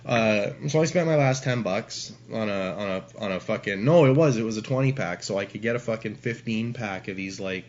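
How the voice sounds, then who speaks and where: A man's voice: fairly low pitch, fairly quick, hardly any pauses, muffled recording. A man in his forties from Ontario, telling a rambling, swear-heavy story as a podcast guest. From Ontario, Canada. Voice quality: profane, rambling, lots of restarts. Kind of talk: casual storytelling.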